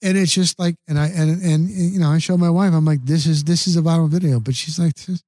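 A man hosting a podcast, telling rambling stories in casual chat and acting out what others said with sudden high-pitched voices. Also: fairly even intonation, brisk, mellow, dry recording, studio quality. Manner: rambling storyteller, acts out quotes with big pitch jumps. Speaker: podcast host. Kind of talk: casual monologue.

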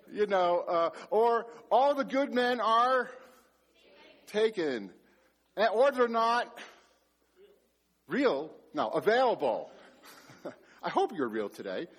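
A man preaching a sermon as pastor to a live congregation, telling stories in an animated, self-mocking way and joking with the audience. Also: sits high, slightly rough. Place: church before a live audience.

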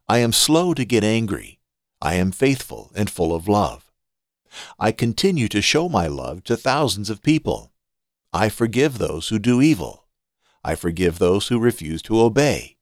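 A solemn, commanding divine voice, as a man reading scripture puts it on, spoken low and measured. The delivery is dry and close, with no room around it. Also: no echo. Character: God speaking, solemn commanding male deity.

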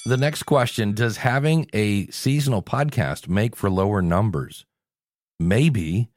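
A man's voice: lowish voice, normal speed, no echo, clean studio sound. A male podcast host talking casually on his show, tired and sick with a cold, rambling and joking at himself. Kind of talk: casual solo podcast talk.

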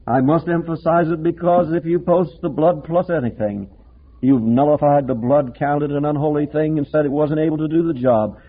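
A man preaching a sermon with passion, moving from emphatic declarations to hushed, low-spoken lines. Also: normal speed. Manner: impassioned preaching, swinging between emphatic and hushed. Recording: tinny lo-fi phone-like recording.

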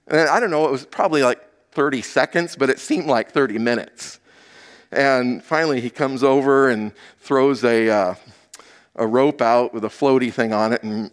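A male pastor preaching a sermon, telling a personal story with lively quoted voices. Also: medium pitch.

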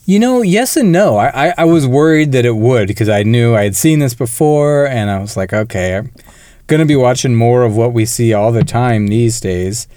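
Male podcast co-host, relaxed explainer, dry close sound. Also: mid-range voice, normal speed, dry recording. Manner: conversational, explanatory, occasional laughs. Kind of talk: casual film review chat.

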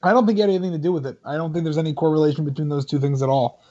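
A man co-hosting a casual podcast, talking earnestly and growing heated as he argues his point. His voice sits somewhat high. The sound is dull and lo-fi. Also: steady tone, rapid-fire, dark tone. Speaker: podcast co-host. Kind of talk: casual chat.

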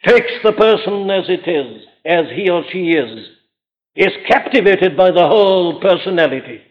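A preacher delivers a sermon from the pulpit with earnest emphasis and searching rhetorical questions. His voice is fairly high for a man, and the archive recording sounds thin and tinny.

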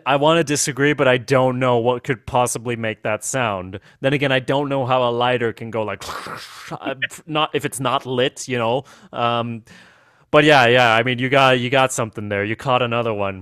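A man co-hosting a casual chat podcast, talking in an animated, rambling way and restarting his sentences often. His voice is smooth and resonant, and the recording is dry and close. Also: mid-range voice, moderate pace, no room sound. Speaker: podcast co-host.

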